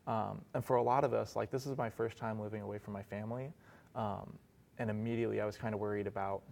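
Young male interview guest, low-pitched, easygoing, lots of "like" and "um". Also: fast talker, vocal fry. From Arizona, US. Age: 20s. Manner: relaxed, many fillers and "like". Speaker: guest, resort concierge. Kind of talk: casual interview. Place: podcast studio.

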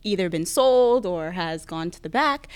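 A young woman who works in a theme park store, telling an animated story in a casual interview. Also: on the low side, unhurried, clean tone. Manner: animated anecdote with acted quotes.

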